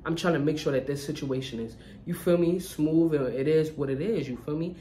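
Animated, slangy young storyteller. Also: mid-range voice, a little fast, a little hiss or hum. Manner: animated, slangy, keeps checking in with listeners. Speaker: vlogger. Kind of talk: casual storytime.

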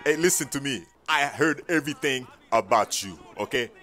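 A man's voice: mid-range voice, lively intonation, moderate pace, bright, forceful tone, faint music behind. A man voicing a persuasive male gang recruiter in a game story video, pleading earnestly. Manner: calls everyone "my brother", earnest pleading.

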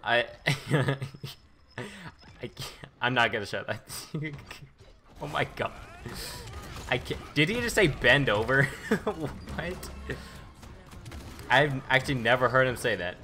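A man giving excitable, boastful live commentary while playing a video game as a gaming YouTuber. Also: mid-range voice, slow pace, long pauses.

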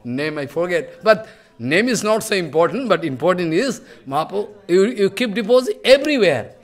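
A man's voice: sits high, lively intonation, moderate pace. An older man speaking English, giving an emotional devotional sermon in broken English and acting out the dialogue he quotes. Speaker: guru giving a religious discourse.

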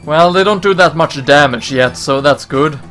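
A man's voice: on the high side, moderate pace, fairly bright tone, faint music behind. A man casually commenting on his gameplay in a chatty way, reading dialogue aloud in voices. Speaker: let's play host.

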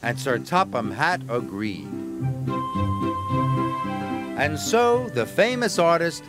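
Slow, lively storytelling man. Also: a little high. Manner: gentle, expressive storytelling. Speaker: narrator. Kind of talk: scripted storybook narration. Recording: narration over background music. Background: music.

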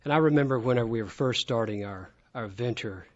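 A man's voice: medium pitch, brisk, dry recording. A man in his fifties from Alabama with a Southern accent, telling stories as a radio studio guest with enthusiasm. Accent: Southern American. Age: 50s. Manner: enthusiastic, anecdotal. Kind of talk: casual storytelling. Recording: dull, dry studio sound.

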